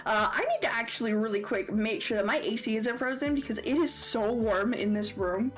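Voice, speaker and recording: A woman's voice: on the high side, fairly quick, soft background music. A woman with a Southern American accent chatting casually on a livestream, playful and giggly with squealy outbursts. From Southern United States. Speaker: streamer.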